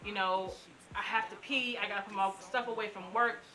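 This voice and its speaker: A woman in her twenties telling her own story in a casual, animated way, acting out what people said. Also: medium pitch, a little fast, poor audio. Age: 20s. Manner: animated, acts out quotes. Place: room at home.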